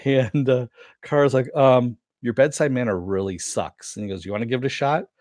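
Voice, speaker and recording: A man's voice: medium pitch, normal speed, a little mellow, no echo, clean studio sound. A man casually recapping a TV episode in a rambling, filler-heavy way, sometimes swearing. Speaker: reviewer.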